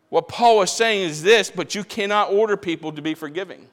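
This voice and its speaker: A man's voice: sits high, fairly quick, few pauses, long reverb tail. An older man preaching a sermon as pastor, emphatic and conversational, repeating his points with frequent restarts.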